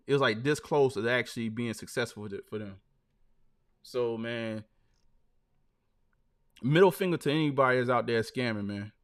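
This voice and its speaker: Man, live-stream host, loose casual storytelling, mid pitch. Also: a bit bright.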